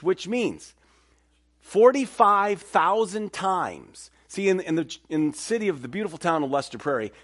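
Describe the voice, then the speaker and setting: A man preaching a sermon in church as pastor, telling stories and acting out the voices he quotes. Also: on the high side.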